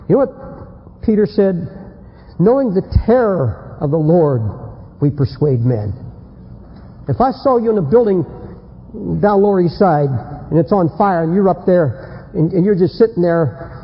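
A man preaching a fiery sermon, telling a story and acting out its people, swinging from shouts to hushed warnings. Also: high-pitched, slightly rough. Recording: lo-fi recording in a reverberant hall.

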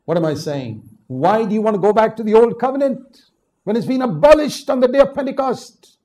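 An older male preacher from India delivers a sermon with a mellow, warm tone that sits a little high for a man. He drops to quiet asides, then rises into loud, emphatic exhortation. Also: expressive, fairly quick.

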